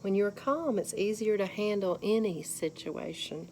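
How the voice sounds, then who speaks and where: A woman tells a children's lesson at a slow, patient pace, her voice rising and falling a lot. She guides young listeners gently through counting and deep breaths. A faint hiss sits behind her. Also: big pitch swings. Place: church.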